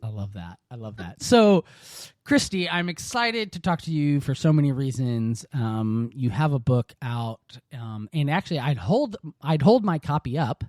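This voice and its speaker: A man's voice: medium pitch, big pitch swings, moderate pace, darkish tone, dry recording, clean studio sound. A man hosting a podcast interview, enthusiastic and rambling, full of "like" and "um". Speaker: podcast host. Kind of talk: casual interview chat.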